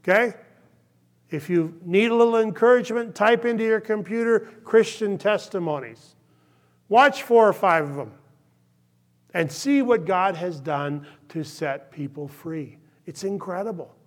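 Man preaching in church, high voice, impassioned, hushed moments, "okay?" check-ins. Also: a little slow. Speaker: pastor. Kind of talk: sermon.

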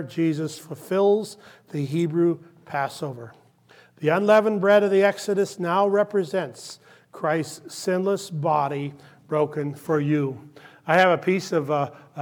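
A male pastor preaching a sermon, impassioned and then hushed, checking in with "okay?" often. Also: sits high. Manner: impassioned, drops to hushed tones, frequent "okay?" check-ins.

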